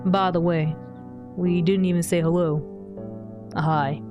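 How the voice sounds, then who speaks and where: A woman voicing a gloomy, resigned horned young man from a game, in a deep Southern drawl. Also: steady tone, slow, dull audio, music in the background. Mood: dry.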